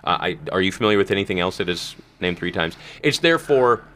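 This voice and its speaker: A man's voice: sits low, lively intonation, fast, a bit bright. A man hosting a Bible talk show, explaining scripture emphatically and speaking to listeners like a preacher. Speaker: podcast host. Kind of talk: casual Bible teaching.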